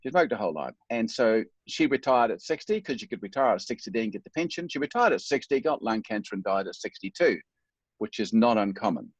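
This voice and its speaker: A man's voice: lowish voice, big pitch swings, a little fast, no echo. A middle-aged man speaking as a guest, telling his life story in an earnest, reflective, self-deprecating way. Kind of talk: personal storytelling in a talk.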